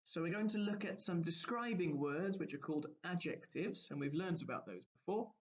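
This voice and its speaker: A man, a primary school teacher giving a recorded lesson, explaining gently and asking the children questions. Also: a little high, lively intonation, brisk, dull audio.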